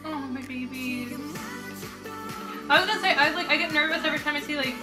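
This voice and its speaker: Excitable woman, higher voice, gushing, swearing, loud music underneath. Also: very fast. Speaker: reaction video host. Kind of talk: excited reaction commentary. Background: music video playing.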